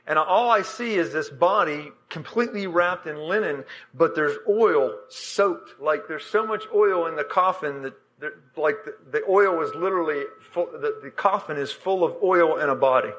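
A man preaching, telling a vision in a halting, emotional way with many fillers and restarts. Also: a little high, a bit bright, a little hiss or hum. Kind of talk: sermon storytelling.

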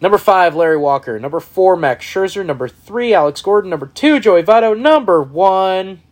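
A man's voice: high-pitched, lively intonation, brisk. A young man co-hosting a casual sports podcast, joking and laughing at his own picks. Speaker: podcast co-host.

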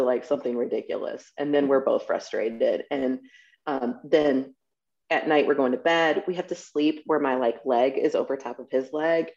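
Woman in her forties, candid podcast guest, low gravelly voice, dull lo-fi recording. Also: darkish tone. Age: 40s. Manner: candid, frank and chatty. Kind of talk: casual conversation. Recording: dull lo-fi sound.

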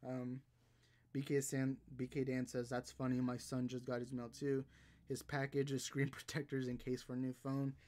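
Out of breath, a young livestream host rambles casually and reads viewer comments aloud at a normal speed. His mid-range voice is a little mellow, and his delivery is completely flat.

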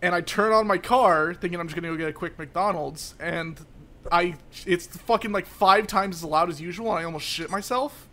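A man's voice: high voice, bright, forceful tone. A young man, co-host of a casual podcast, telling a long, profane, rambling story. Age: young adult.

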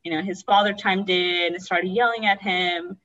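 A woman's voice: lowish voice, steady tone, moderate pace, a bit bright, dull audio. A young adult woman, a guest, candidly telling an emotional personal story and acting out the voices she quotes.

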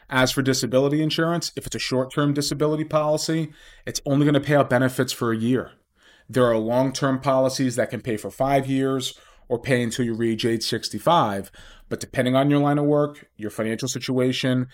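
Man explaining finances straight to listeners. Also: medium pitch. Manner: explanatory, talks straight to listeners with rhetorical questions. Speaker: financial planner and podcast host. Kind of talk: solo podcast monologue.

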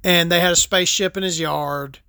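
A woman hosts a casual, rambling monologue, talking loosely and swearing freely, pausing between topics to smoke and sip a drink in laid-back storytelling. Her fairly low voice is steady, brisk, creaky, pushed and bright, captured in studio quality with no echo.

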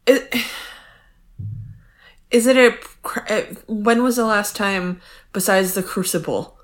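A woman co-hosts a casual podcast recap, talking in a wry, chatty way. She takes her time, with an unhurried, easy pace. She laughs often as she goes. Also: medium pitch. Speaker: podcast co-host.

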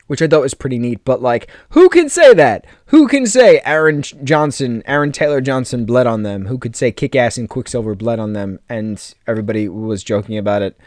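A man's voice: mid-range voice, dry recording, clean studio sound. A young adult American man telling a rambling personal story in a casual podcast, full of fillers and jokey asides. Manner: chatty, lots of fillers, quick jokey asides. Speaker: podcast host.

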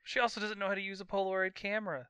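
A man with a very bright, crisp, somewhat high voice trading wry, sarcastic jabs about a movie on a podcast. The sound is dry and close, with no room around it. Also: little pitch movement, very fast, no echo. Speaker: podcast co-host. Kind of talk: casual movie-review chat.

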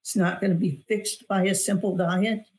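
A medium pitch, fairly even intonation, and a slightly mellow quality mark this woman's normal-speed delivery. She's a middle-aged author and weight loss coach, a guest on an interview show, recounting a personal testimony earnestly and emphatically with repeated phrases.

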